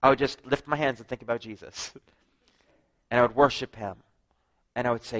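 Guy preaching, tells his story w/ acted dialogue, gets real quiet sometimes, mid voice. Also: medium pitch, fast, low-quality recording. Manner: animated storytelling, acting out dialogue, often drops to a hushed voice. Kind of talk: sermon with personal testimony.

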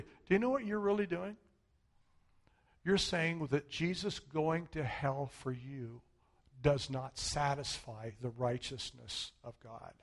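A man preaching a sermon as pastor, acting out the voices of doubting people, swinging from shouts to near whispers. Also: on the high side, steady tone, slow pace. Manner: dramatic, swings from shouting to hushed, acts out voices of congregants.

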